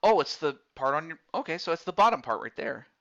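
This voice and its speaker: A man's voice: fairly high pitch, very animated, fast talker, a bit bright, dull audio. A man casually talking through a baseball game's character creation menus, reading out choices to a viewer as he picks them. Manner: chatty, talks through menu choices aloud. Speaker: streamer. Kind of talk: casual game commentary.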